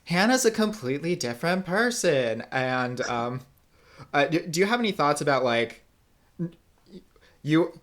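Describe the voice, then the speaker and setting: A man's voice: a little high, expressive, measured pace, pauses often, a bit bright. A man interviewing a guest, asking questions in a hesitant, casual way with many fillers.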